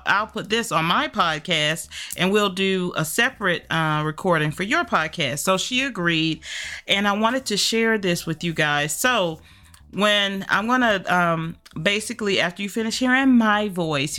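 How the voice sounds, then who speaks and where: A woman's voice: on the low side, bright, forceful tone. A woman hosting her own friendship podcast, chatting casually and rambling with self-corrections, a little nasal from allergies. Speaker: podcast host, friendship coach.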